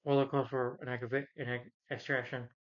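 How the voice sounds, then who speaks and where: A man's voice: medium pitch, little pitch movement, brisk, dull audio. A man giving a casual, opinionated movie review, rambling with many restarts and fillers.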